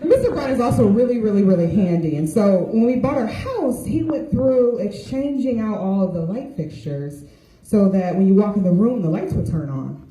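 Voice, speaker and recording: Woman telling stand-up stories, dark voice. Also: mid-range voice, expressive, moderate pace. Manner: storytelling with voiced quotes of others. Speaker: stand-up comedian. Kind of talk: stand-up comedy set. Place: stage with audience laughter. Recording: echoey room.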